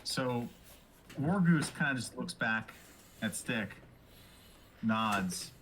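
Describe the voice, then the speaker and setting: Man, tabletop player, relaxed, animated pitch, faint background noise. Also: takes it slowly, poor audio. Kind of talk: casual tabletop play.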